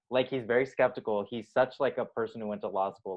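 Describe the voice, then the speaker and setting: A man's voice: medium pitch, brisk, lo-fi sound. A man co-hosting a podcast, telling family stories in casual chat with lots of fillers. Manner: chatty storytelling with many fillers. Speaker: podcast co-host.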